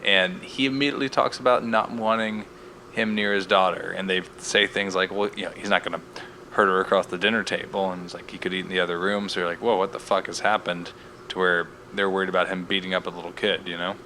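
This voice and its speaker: Podcast co-host, man, low bright voice, joking recap chat. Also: steady tone, fast talker, slight background noise. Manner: laughs easily, loose and swearing.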